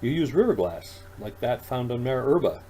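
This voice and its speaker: A man voicing a polite, patient adult male space traveler who speaks in a measured, courteous way. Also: mid-range voice, big pitch swings, warm tone, slight background noise, voice pushed up, lightly acted, rough recording. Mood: earnest. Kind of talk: audiobook character voice.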